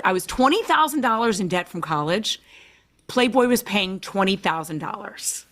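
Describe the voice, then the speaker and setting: Chicago woman telling lively stories. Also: mid-range voice, normal speed. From Chicago, USA. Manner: animated, acts out quoted dialogue, frequent "like". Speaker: interview guest. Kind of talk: conversational storytelling.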